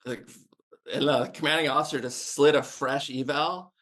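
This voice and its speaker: A man's voice: fairly high pitch, fairly even intonation, normal speed, fairly bright tone. A man in his fifties from the United States, a former Navy sniper and podcast guest, telling his story in a blunt, casual way that is full of restarts and swearing.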